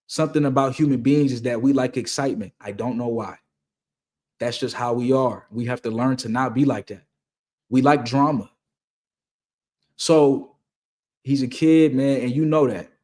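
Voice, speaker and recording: A young man talks through viewer questions in a relaxed, conversational way. He drops slang and repeats his key lines for emphasis. His voice sits at an ordinary middle pitch. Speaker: host answering viewer questions. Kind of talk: casual motivational Q&A talk.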